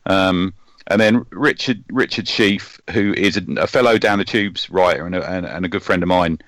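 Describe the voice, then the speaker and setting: Male podcast host, low voice, dry sound, rambling chatty delivery. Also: normal speed, fairly bright tone, no echo. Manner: chatty, rambling, with many ums and restarts. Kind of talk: casual chat.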